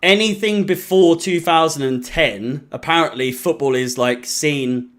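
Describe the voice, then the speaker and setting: A man's voice: a little high, measured pace, a bit bright. A man in his twenties chatting casually about football, rambling with lots of restarts. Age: 20s. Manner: rambling, many restarts and laughs.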